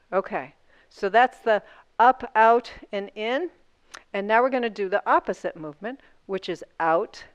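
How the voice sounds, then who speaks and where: A woman's voice: medium pitch, no room sound, highs cut off. A woman instructor guiding a seated yoga class, talking through each movement step by step in an encouraging way.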